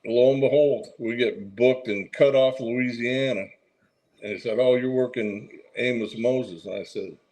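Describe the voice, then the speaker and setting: A man's voice: medium pitch, poor audio. A man telling an old story in an easygoing, laid-back way during a casual chat.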